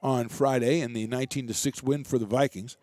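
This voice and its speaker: A man's voice: mid-range voice, brisk, dry recording. Chatty man calling college baseball. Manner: relaxed, chatty, self-deprecating asides. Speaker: play-by-play announcer. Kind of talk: baseball play-by-play commentary.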